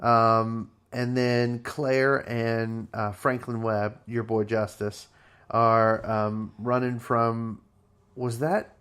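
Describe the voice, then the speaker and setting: Male co-host, casual, slangy storyteller, relaxed podcast delivery. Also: medium pitch, very slow, clear, resonant tone. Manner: slangy, relaxed retelling of a film plot. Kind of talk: casual chat.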